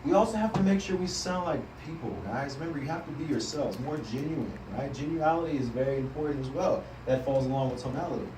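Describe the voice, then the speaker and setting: An energetic man coaches a group of salespeople in a room, his voice sitting a little higher than most men's. He is heard from some distance, with a roomy echo and a faint hum of the space behind him. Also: fast talker, few pauses. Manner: energetic, coaching, often asks the group "right?". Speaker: sales team trainer. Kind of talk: live training talk to a group.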